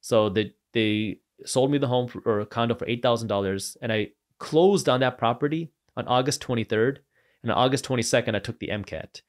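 A man on a podcast as an entrepreneur guest, telling stories with lively energy and acting out the voices of the people in them. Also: medium pitch, brisk. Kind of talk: animated storytelling.

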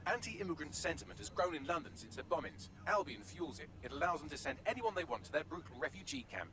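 Man voicing a sardonic AI helper, quick, lively pitch, video game dialogue. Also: natural voice. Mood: dry. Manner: dry, sardonic asides. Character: dry witty male AI assistant.

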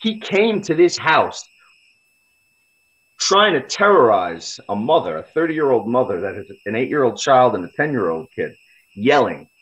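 Man, podcast guest, casual storytelling, blunt, swears a lot, mid-pitched voice, slightly dull lo-fi sound. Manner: blunt and heavily profane.

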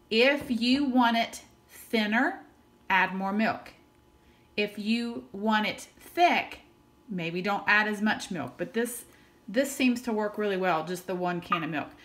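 A woman's voice: mid-range voice, a bit bright. A woman hosting her own cooking channel, talking viewers through a recipe step by step in a chatty, upbeat way with the odd filler. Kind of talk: home cooking demonstration.

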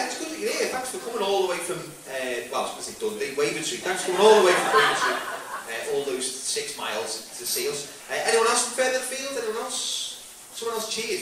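A man's voice: on the high side, far from the mic. A man doing stand-up crowd work as compere in a comedy club, with cheeky, teasing banter. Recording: echoey club, mic heard from afar, loud crowd.

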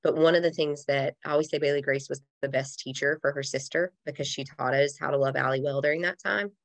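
Podcast guest: woman, thirties, low gravelly voice, earnest and reflective, close dry mic. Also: steady tone, quick pace, no room sound. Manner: earnest, reflective, with casual fillers like "like". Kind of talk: heartfelt conversational interview.

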